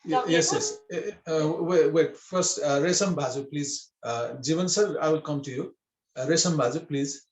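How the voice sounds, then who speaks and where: A man's voice: a little high, moderate pace, a little mellow, echoey room, low-quality recording. A man teaching a script class online, patiently spelling out syllables with hesitant fillers.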